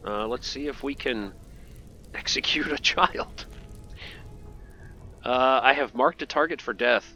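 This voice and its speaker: A man's voice: medium pitch, moderate pace, few pauses, pushed and bright, faint music behind. A man giving casual, joking commentary over gameplay and talking back to game characters. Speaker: gaming video host.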